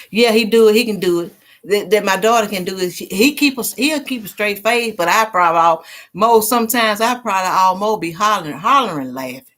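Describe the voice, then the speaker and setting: Chatty and quick to laugh, a middle-aged woman with a drawl runs a relaxed livestream for her viewers. Her voice is mid-range and a little bright, and she reads comments aloud as they come in.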